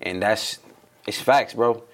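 A man's voice: on the low side, slow pace, fairly bright tone. A man co-hosting a podcast in casual chat, talking in emphatic, laid-back slang. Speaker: podcast co-host.

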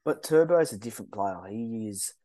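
An Australian man hosting a casual sports podcast, talking in a rambling, animated way with lots of restarts. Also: lowish voice, moderate pace, crowd noise. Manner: animated, rambling, mocks rival fans in a put-on voice. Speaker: podcast host.

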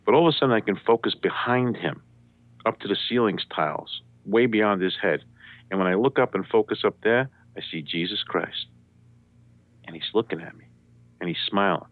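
A man telling a story as a radio show guest, lively and jokey, acting out the voices of the people in it. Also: on the low side, a little fast, no room sound. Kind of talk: animated storytelling. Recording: dry tinny phone line.

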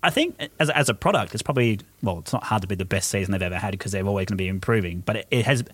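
A man's voice: on the low side, expressive, very fast, dry recording. An Australian man hosting a sports podcast, opening with a playful, theatrical intro before moving into casual chat. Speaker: podcast host.

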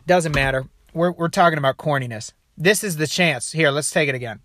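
A man giving loose, profane commentary on a video clip, animated and peppering his talk with "dude" and "okay.". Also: on the high side, fairly quick, a little hiss or hum.

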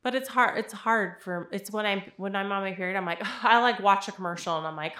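Young female podcast host, bright and chatty, playful teasing, echoey room. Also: medium pitch, brisk. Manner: chatty, teasing, laughs often. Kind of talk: casual chat.

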